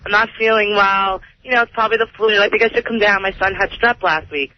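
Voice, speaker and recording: A woman's voice: medium pitch, fairly even intonation, fast. A woman calling in to a radio show, telling an emphatic story. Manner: emphatic, chatty. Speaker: caller. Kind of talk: call-in chat. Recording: radio phone line.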